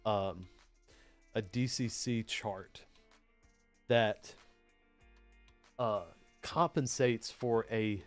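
A man's voice: on the low side, drawn-out words, long pauses, faint music behind. A man with a Southern US accent hosting a live technical training session, chatty and rambling with lots of fillers. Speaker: PLC training host. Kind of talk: casual live-stream technical lesson.

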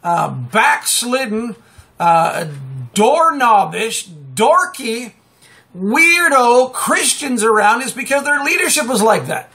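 A man preaching off the cuff, rambling and emphatic, breaking into sudden loud outbursts and chuckles. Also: very high voice, very animated, slow pace. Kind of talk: fiery unscripted preaching monologue.

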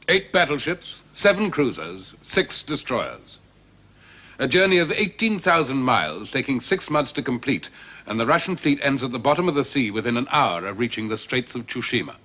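Casting note: a grave official, bright lively mid-range voice. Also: male voice, mid-range voice. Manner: grave, measured reporting. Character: grave court official reporting disaster.

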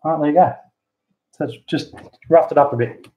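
A man giving a relaxed, chatty how-to while working on a hobby model at home, talking into a handheld camera. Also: fairly high pitch, a little fast, slight background noise. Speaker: hobby model builder, channel host. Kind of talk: casual how-to crafting chat. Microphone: handheld camera mic. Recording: dull lo-fi camera audio.

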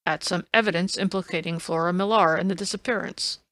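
A woman voicing a brash, blustering male police inspector in an audiobook, loud and insistent. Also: on the low side, fairly even intonation, fairly quick, no room sound, natural voice. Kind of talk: audiobook reading.

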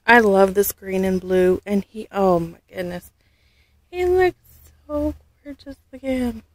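A woman vlogging an unboxing, gushing and halting, often losing her words. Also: medium pitch, no room sound. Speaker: vlogger unboxing a reborn doll. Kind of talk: casual unboxing vlog.

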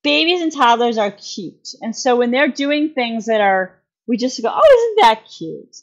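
A woman's voice: on the high side, moderate pace, highs cut off. A woman guest on a podcast, explaining at length in a casual, rambling way, full of fillers and restarts and folksy phrasing.

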